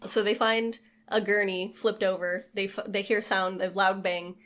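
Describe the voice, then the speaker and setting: A woman co-hosting a podcast, recapping a film in a casual, animated way, acting out quotes and swearing freely. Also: mid-range voice, normal speed. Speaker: podcast co-host.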